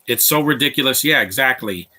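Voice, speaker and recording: A man with a bright, forceful voice talks over a movie as it plays, tossing out blunt opinions and rambling asides. His pitch sits in an ordinary middle range for a man. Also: expressive, a little fast. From Latino background. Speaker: movie commentator. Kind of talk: live movie commentary.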